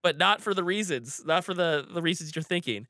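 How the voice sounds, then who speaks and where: A man's voice: a little high, expressive, fairly quick, sharp tone, dry recording, clean studio sound. A man telling a personal story casually, rambling with frequent restarts and fillers. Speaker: storyteller guest.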